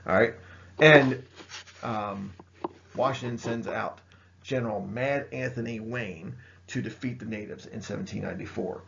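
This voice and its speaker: A high school history teacher lecturing his class in a casual way, often checking in with "all right?" between points. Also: vocal fry, a bit bright, lo-fi sound, slight background noise.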